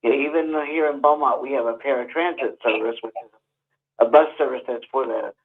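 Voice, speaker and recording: A man's voice: medium pitch, fairly quick. A man hosts a call-in show, talking sympathetically and with emphasis as he answers a caller. His voice sounds narrow and phone-like. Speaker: host.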